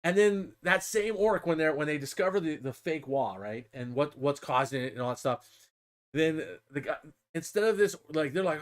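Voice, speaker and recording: Man, host, casual stream chat, animated, fairly high voice. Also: moderate pace. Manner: animated retelling with frequent laughter.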